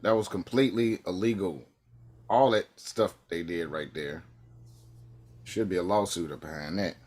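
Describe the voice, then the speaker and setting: A man co-hosting a talk show, giving blunt, quick reactions. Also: low voice, a little mellow. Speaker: co-host. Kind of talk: casual commentary.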